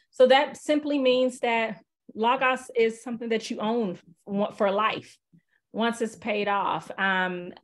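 Woman doing a laid back software demo on a video call, chatty, lots of uh and um. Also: medium pitch. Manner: chatty, relaxed, with many fillers. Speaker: software presenter. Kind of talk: casual webinar demo.

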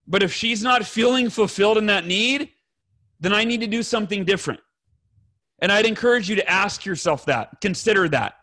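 A man in his thirties speaks as a podcast guest, earnest and rambling, often correcting himself mid-sentence. His voice sits high and bright. He clears his throat often and drops the odd curse word. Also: expressive, a little fast. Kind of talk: emotional personal story to fathers.

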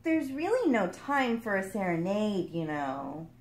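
A sensible, world-weary goldfish with a slightly raised, drawn-out voice and a dry manner, as a woman puts it on. It is heard in an echoey room. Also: medium pitch, very animated.

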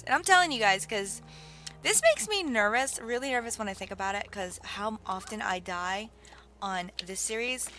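Bright, bubbly young woman narrating her gameplay, lively swings, faint keyboard clicks behind. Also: mid-range voice, a little hiss or hum. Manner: excitable, gushing, lots of exclamations and laughs. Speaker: let's play host. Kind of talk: gaming commentary. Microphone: budget desktop mic with keyboard clicks.

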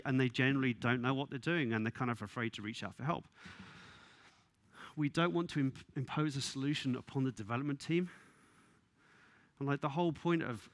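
A man giving a conference talk, wry and exasperated, with quick asides and laughs. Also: medium pitch, fairly bright tone, no echo. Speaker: conference speaker. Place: conference venue.

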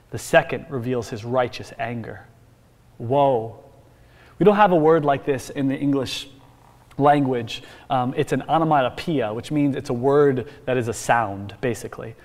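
A man, the pastor, preaching an emphatic sermon that swings from quiet lines to loud bursts. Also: medium pitch, long reverb tail. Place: church sanctuary.

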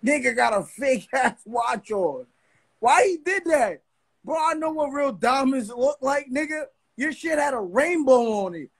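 Young male streamer, very high and breathy, swaggering mockery. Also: lively intonation, normal speed. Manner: brash, mocking, swaggering. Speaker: livestream host. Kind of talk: trash-talking livestream roast.

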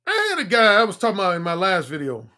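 A man's voice: sits high, wildly swooping pitch, fast talker, bright, forceful tone. Man, dating coach, livestream talk, conversational, explains and repeats points. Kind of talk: livestream monologue.

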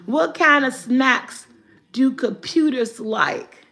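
A woman's voice: high voice, slow pace, creaky, sharp tone. An older woman hosting a casual live vlog, chatting with viewers, reading their comments aloud and laughing often. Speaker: vlogger.

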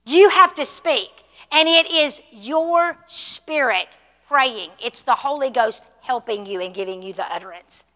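A high, bright woman's voice carries through a church hall with a long, echoing tail. She teaches a class like a pastor, talking it through and checking in with her listeners. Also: lively intonation, unhurried. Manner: conversational, asks the room questions. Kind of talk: sermon teaching.

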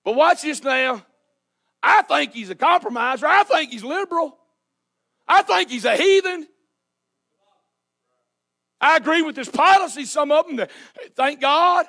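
A man's voice: extremely high pitch, expressive, a little slow, pauses often, pushed and bright. A man preaching a sermon as pastor in a church, emphatic and hollering. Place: church sanctuary.

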